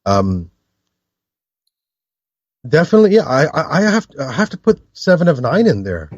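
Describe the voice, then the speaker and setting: A man co-hosting a podcast in casual chat, rambling with many restarts and laughs, high. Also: sing-song, normal speed, darkish tone, no room sound, highs cut off. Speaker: podcast co-host.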